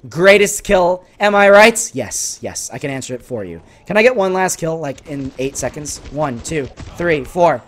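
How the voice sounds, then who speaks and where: A man with a hoarse voice giving exasperated, sarcastic, excitable commentary over his own gameplay. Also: fairly high pitch, moderate pace, hardly any pauses. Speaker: gaming channel host.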